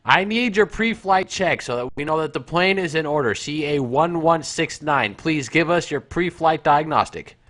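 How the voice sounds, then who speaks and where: A dogged air traffic controller, played by a man, who keeps repeating formal call signs in an improvised comedy sketch. The voice is slightly high, and the delivery stays dry, formal and insistent. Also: expressive, normal speed, hardly any pauses, a bit bright. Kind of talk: improvised comedy role-play over radio chatter.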